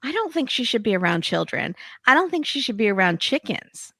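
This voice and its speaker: A woman's voice: on the high side, very animated, a little fast, a bit bright, dry recording. A woman hosting a podcast, chatting casually and with strong opinions about a reality TV episode. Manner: opinionated, quips, acts out quotes. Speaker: podcast host. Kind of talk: casual chat recapping reality TV.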